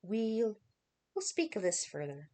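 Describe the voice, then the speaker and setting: A woman reading aloud as a devoted young male carpenter, gentle and earnest in a dramatic reading. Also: mid-range voice, very animated, unhurried. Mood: tender.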